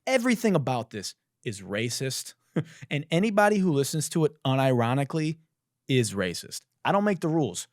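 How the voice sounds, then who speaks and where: A man's voice: mid-range voice, moderate pace, dry recording, studio quality. A man hosting a podcast, riffing sarcastically on a song, swearing and mocking. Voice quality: musician. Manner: sarcastic, swearing, animated mockery. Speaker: podcast host. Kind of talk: comedic commentary.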